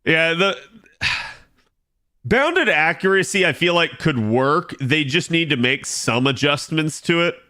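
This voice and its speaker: Bright-voiced man chatting on a stream. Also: on the high side, lively intonation, unhurried. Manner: rambling, thinks aloud with many fillers. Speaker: game streamer chatting with viewers. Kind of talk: casual live-stream chat.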